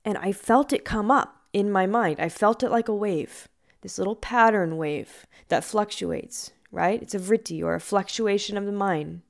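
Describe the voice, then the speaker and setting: A woman giving a reflective spiritual talk as a meditation teacher, gentle and earnest in manner. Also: medium pitch, normal speed, creaky. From Hawaii. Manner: gentle and earnest, with lively acted quotes.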